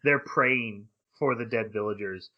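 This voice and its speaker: A man co-hosting an anime podcast in casual chat, excitable and quick to laugh, often stumbling into restarts. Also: fairly low pitch, lo-fi sound. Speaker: podcast co-host.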